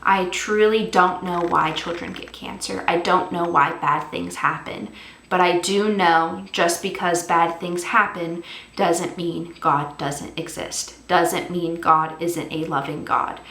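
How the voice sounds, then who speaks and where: A woman's voice: on the low side, steady tone, takes it slowly, fairly bright tone. Earnest young mother, echoey room. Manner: earnest, raw and heartfelt. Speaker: vlogger. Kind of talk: personal faith vlog.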